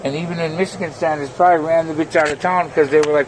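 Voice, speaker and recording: A man's voice: a little high, steady tone, fast talker, noisy background. A man vlogging an angry, profane rant, telling a story packed with insults. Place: home, near a pet cat.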